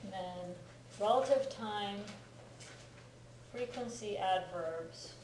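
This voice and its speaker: A middle-aged woman teaches a class in a patient, explanatory way, often pausing to ask whether her students follow. Her voice sits at an ordinary pitch for a woman. It comes from across a reverberant classroom, with faint room noise behind it. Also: distant mic. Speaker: Japanese language teacher. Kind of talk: classroom lecture. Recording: echoey classroom recorded from afar.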